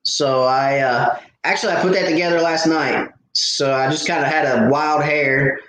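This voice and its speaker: In a very echoey space, a fishing channel host with a higher-pitched, a bit bright voice answers questions on a live stream. His intonation stays fairly even and his speed normal, but his casual stories wander, with frequent fillers and restarts.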